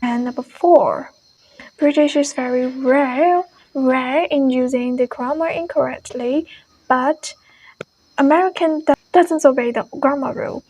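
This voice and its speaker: Woman, English teacher, breathy, high voice, measured, repeats examples twice. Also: a little mellow, low-quality recording. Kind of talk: explaining pronunciation lesson.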